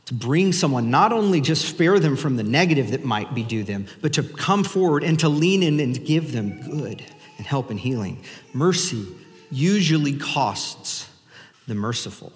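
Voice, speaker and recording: A man's voice: medium pitch, expressive, normal speed, long reverb tail. A man preaching a sermon as pastor in a casual, conversational way, inviting the congregation to join in.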